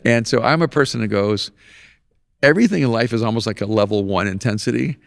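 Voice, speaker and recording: A man's voice: mid-range voice, fast talker, creaky, dry recording, studio quality. A man hosting a podcast in casual conversation, telling stories with animation and laughing often at his own anecdotes. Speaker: podcast host.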